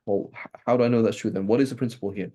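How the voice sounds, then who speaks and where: Man, mellow warm voice, teaching a class, conversational, lively, frequent restarts. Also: lowish voice, rapid-fire. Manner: animated, frequent "right?" checks, restarts and asides. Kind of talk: classroom lecture on Islamic texts.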